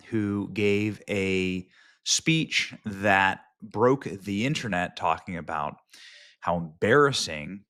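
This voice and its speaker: A man's voice: fairly low pitch, a bit bright. A man hosting political commentary over clips, mocking and emphatic.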